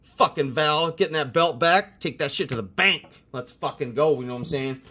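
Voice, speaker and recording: A young man hosting a casual card-opening video, excitable and swearing constantly as he hypes each card. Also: on the high side, normal speed. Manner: profane, excitable, hyped. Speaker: host opening sports cards.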